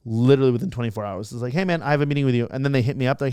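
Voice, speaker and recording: A young man races through his story as a guest, slipping into the voices of the people he quotes. His voice is smooth and clear. The sound is dry and close. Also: medium pitch, no echo. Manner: fast, animated storytelling, acts out quotes. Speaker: guest, social media creator. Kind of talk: casual storytelling interview.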